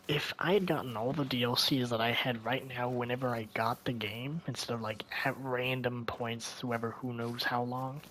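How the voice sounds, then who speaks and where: A young man narrates his gameplay in a loose, rambling way, thinking aloud and often sinking into a hushed tone. His voice is sharp and bright, with faint noise underneath. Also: medium pitch. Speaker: gaming video creator. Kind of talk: casual gameplay commentary.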